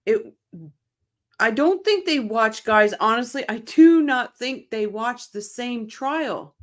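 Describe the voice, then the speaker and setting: A woman's voice: on the high side, expressive, slow pace. A woman from Ontario hosting a casual livestream, chatting with viewers by name and laughing often. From Canada, Ontario. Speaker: livestream host reading viewer chat.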